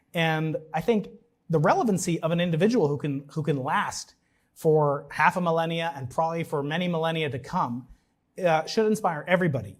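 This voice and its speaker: Man, from Long Island, commencement speaker, fairly high voice, joking asides, restarts. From New York, Long Island. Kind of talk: ceremonial speech. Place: large ceremony venue.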